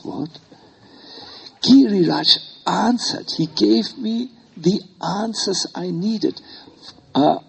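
Older german guy, gravelly husky voice, slow talk w lots of uh and mm to a retreat crowd. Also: on the high side, a bit bright, poor audio. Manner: slow, hesitant with many fillers. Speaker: spiritual teacher. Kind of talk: informal talk to retreat group.

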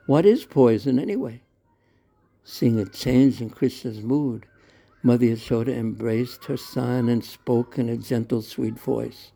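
Guy calmly narrating a devotional story, low gravelly voice, super slow.

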